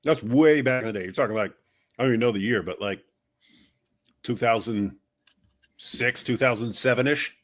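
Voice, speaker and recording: Male co-host, teasing, lively storyteller, middling pitch. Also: moderate pace, long pauses. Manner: teasing, animated anecdote telling with mocking quoted voices. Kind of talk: casual chat, storytelling.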